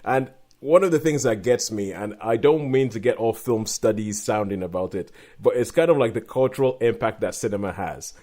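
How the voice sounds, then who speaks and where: A man's voice: on the low side, moderate pace, hardly any pauses, a little mellow. A man hosting a podcast, talking in a chatty way with frequent laughs. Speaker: podcast host. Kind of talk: casual chat.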